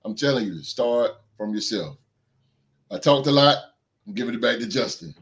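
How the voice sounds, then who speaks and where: A man's voice: medium pitch, lively intonation, moderate pace, a little hiss or hum. A man in his thirties on a podcast, talking earnestly and emphatically, repeating himself as he urges other men on. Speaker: podcast guest. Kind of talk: heartfelt casual chat.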